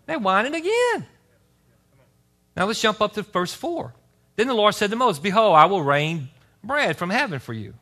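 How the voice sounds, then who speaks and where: Male pastor preaching a church sermon; bright, high, very lively voice with scripture readings and asides. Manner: animated preaching, reads scripture aloud with asides. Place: church service.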